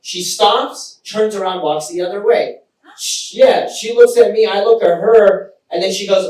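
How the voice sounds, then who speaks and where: A young man from Texas doing a stand-up comedy set, telling stories in an animated way and laughing at his own jokes. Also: sits high, measured pace. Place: live comedy stage in a small theater. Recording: echoey live room from far off.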